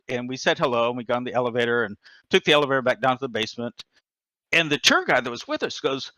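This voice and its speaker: A man telling an animated personal story as a guest, his voice bright and forceful. He talks excitably, with lots of fillers and restarts. The recording is dry and close. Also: medium pitch, fast, no echo.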